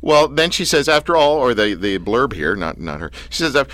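A man hosting a radio interview, joking and self-deprecating, with halting fillers. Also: mid-range voice, very animated, a bit bright, no echo. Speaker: radio show host.

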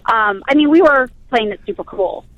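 A woman's voice: on the high side, normal speed, no room sound, lo-fi sound. A woman in her forties telling a bubbly story by phone from her car, chatting as a radio guest. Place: car on the road.

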